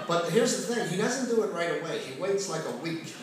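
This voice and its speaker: A stand-up comedian performs in a large casino showroom, telling wry, self-mocking stories in a sing-song, rather high voice at normal speed with hardly any pauses. His handheld stage mic was captured by a phone in the audience, so the recording is echoey, noisy and distant, with the crowd audible.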